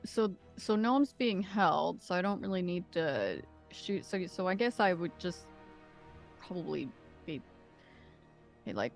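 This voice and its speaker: A woman's voice: fairly low pitch, animated, measured pace, gravelly, pauses often, faint music behind. A woman playing in a tabletop game, asking hesitant questions and thinking aloud about her move. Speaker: player. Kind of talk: casual tabletop game play.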